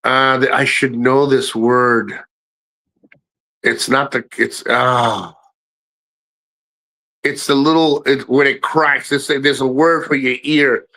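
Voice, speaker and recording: A middle-aged man hosting a live stream, telling profane family stories to his chat in a casual, animated way, his voice jumping high when he quotes people. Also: slow pace, pauses often, rough recording. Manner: animated, swearing, voice jumps high for quoted lines.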